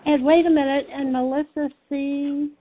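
A woman moderating a meeting, briskly working through a list of names and keeping things moving. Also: high-pitched, level tone. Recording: tinny phone line with faint hiss.

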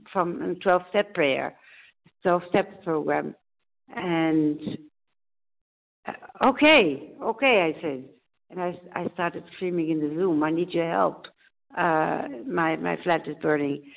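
Woman sharing haltingly over a tinny line. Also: lowish voice, gravelly. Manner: halting, repeats phrases, searches for words. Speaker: meeting attendee sharing. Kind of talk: personal testimony on a phone call.

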